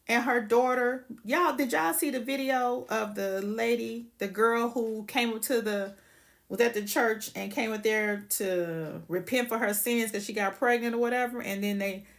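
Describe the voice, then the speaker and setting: A woman's voice: on the high side, gravelly. Woman going off on her livestream, cussing, calling out chat names. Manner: blunt and profane, greets chat by name. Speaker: livestream host. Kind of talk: casual livestream rant.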